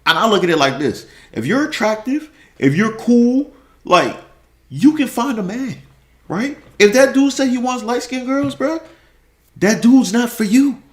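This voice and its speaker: A man's voice: very high voice, expressive, measured pace, reverberant. A man ranting in casual slang on a stream, repeating himself and laughing often. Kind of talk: casual rant.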